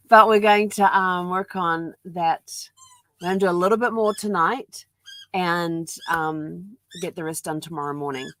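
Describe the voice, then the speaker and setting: This vlogger has a fairly low, slightly bright voice and keeps a measured pace, with slight background noise behind her. She's a New Zealander with a New Zealand accent, rambling through a casual daily vlog at home with her dog and saying um a lot.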